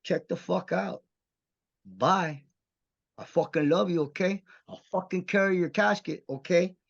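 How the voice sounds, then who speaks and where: A man's voice: high voice, measured pace, vocal fry. A man from Texas, guest on a podcast, talking in an intense, profane, emphatic way. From Mission, Texas. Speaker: guest actor. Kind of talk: candid podcast conversation. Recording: dull lo-fi podcast audio.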